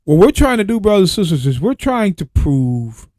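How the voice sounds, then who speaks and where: A man hosting a Bible radio show, reading verses slowly and then breaking off to exclaim and repeat his points. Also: high voice, big pitch swings, a little mellow, no room sound. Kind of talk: Bible teaching with scripture reading.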